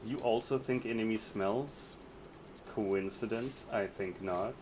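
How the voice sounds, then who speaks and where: Brief: male streamer, crude joker, unhurried delivery, noisy background hum. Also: fairly low pitch. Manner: crude, teasing, laughs often. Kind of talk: casual chat while gaming.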